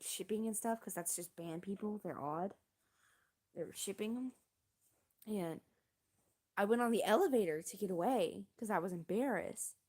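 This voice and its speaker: A young woman chats on stream, telling a story in a loose, rambling way. She leans on slang and pokes fun at herself as she goes. Her voice sits at an everyday middle pitch. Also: darkish tone. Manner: rambling, self-deprecating, slangy. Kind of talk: casual storytelling.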